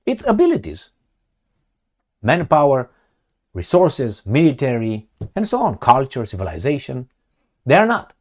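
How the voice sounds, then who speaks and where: A man's voice: medium pitch, wildly swooping pitch, measured pace, long pauses. A man giving blunt, sarcastic political commentary with some swearing, talking straight to the viewer. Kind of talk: opinionated commentary monologue.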